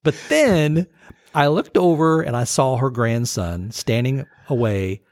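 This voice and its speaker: Chatty podcast co-host, dry sound. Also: male voice, medium pitch, animated, measured pace, a little mellow, dry recording. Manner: rambling, many fillers and restarts. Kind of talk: casual chat.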